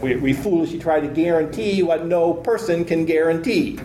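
A man teaching a Bible lesson with a mellow, warm voice, explaining each point step by step. His earnest lecture rings through an echoey room. A faint hum of ambience sits underneath. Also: on the high side, moderate pace. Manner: earnest, explains step by step and reads scripture aloud.

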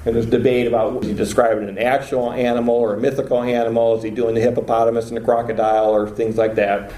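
A man with a mellow, warm voice teaches an informal Bible lecture. He talks conversationally and lifts his voice to act out quoted lines. The recording sounds roomy, with clear echo. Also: mid-range voice, level tone, fast. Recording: echoey room.

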